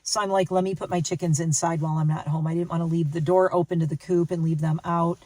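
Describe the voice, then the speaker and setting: A woman's voice: fairly low pitch, little pitch movement, fast talker, mellow, dry recording, far from the mic, low-quality recording. A tired woman vlogging casually to the camera, rambling and correcting herself as she talks. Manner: rambling, chatty, self-correcting. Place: outdoors and in a car, rainy day.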